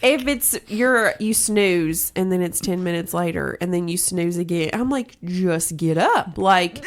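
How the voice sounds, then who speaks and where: A woman's voice: on the low side, normal speed. A woman on a podcast panel, speaking bluntly and emphatically. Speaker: podcast co-host. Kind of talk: casual group chat.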